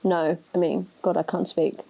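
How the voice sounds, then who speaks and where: A woman's voice: lowish voice, flat delivery, moderate pace, creaky, warm tone, slight background noise, rough recording. A woman co-hosting a podcast while unwell with a fever, chatting casually and playfully. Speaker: podcast co-host. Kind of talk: casual chat.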